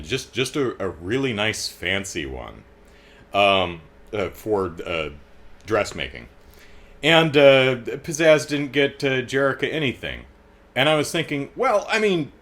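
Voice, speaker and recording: A man's voice: medium pitch, a bit bright. A middle-aged man hosting a casual commentary, chatting with frequent fillers and restarts and wry, amused asides. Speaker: host reading and discussing comics.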